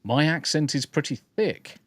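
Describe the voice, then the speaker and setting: A man's voice: fairly high pitch, moderate pace, dry recording. Sweary man ranting casually. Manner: blunt, sweary, rambling with restarts. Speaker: podcast co-host. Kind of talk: casual live-stream chat.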